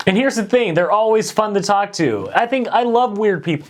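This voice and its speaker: A man's voice: sits high, very animated, moderate pace. A man hosting a late-night show, telling a personal story in a conversational, self-deprecating way.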